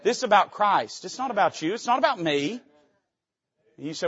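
A man's voice: on the high side, expressive, moderate pace, a bit bright, breathy edge, dry recording, muffled recording. A male pastor preaching from a church pulpit, emphatic and folksy. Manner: emphatic, folksy, quotes old scripture aloud. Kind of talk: sermon.

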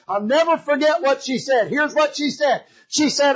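A man preaching a revival sermon in church, swinging from loud emphasis to hushed pleading. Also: extremely high pitch, normal speed, hardly any pauses, dull audio. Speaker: visiting preacher. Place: church sanctuary.

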